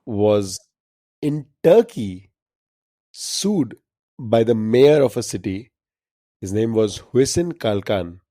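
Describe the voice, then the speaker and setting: A man co-hosting a trivia podcast in casual chat, easygoing and quick to laugh. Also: lowish voice, expressive, mellow, no echo, studio quality. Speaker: podcast co-host.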